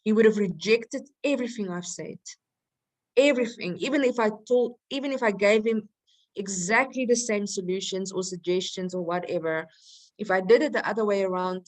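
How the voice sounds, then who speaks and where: A woman of middle age teaching a Christian women's class in a casual, talky way. She laughs often and keeps asking her listeners rhetorical questions. Her voice sits at an ordinary pitch for a woman. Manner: conversational, laughs often, asks rhetorical questions and checks with "okay?". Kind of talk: teaching a recorded lesson.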